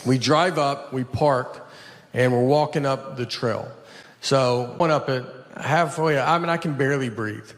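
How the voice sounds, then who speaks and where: A man from Tennessee with a Southern accent doing a stand-up comedy set, telling stories in a deadpan, low-key way, with audience laughter behind him. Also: unhurried.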